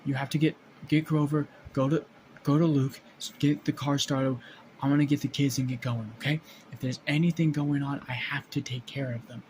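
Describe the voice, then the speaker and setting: A man's voice: mid-range voice, flat delivery, normal speed, a little mellow, slight background noise, close to an everyday voice. A man voicing a young male demigod who protects two kids, in a casually told fan story. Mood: urgent.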